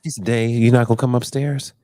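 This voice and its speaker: A young man hosting a podcast, telling an animated story and acting out the voices in it. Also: medium pitch, quick pace, dry recording. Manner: acts out voices in his stories, preachy exclamations. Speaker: podcast host.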